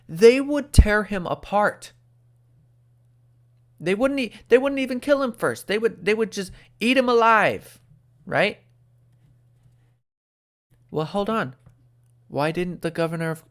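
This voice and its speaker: Guy with a slightly high voice doing a sarcastic rant, right up on the mic. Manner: animated, sarcastic, emphatic. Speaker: host. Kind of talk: opinionated commentary. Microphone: close microphone.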